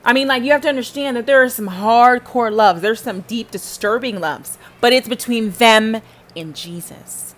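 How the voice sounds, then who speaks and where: A woman's voice: a little high, normal speed. A woman hosting a podcast, talking about faith in a casual, emphatic and preachy way, speaking straight to the listener. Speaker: podcast host.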